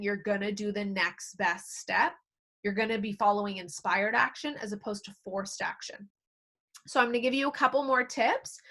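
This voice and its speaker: A woman's voice: a little high, sharp tone. A woman giving a productivity training talk as a coach, acting out quoted inner self-talk along the way.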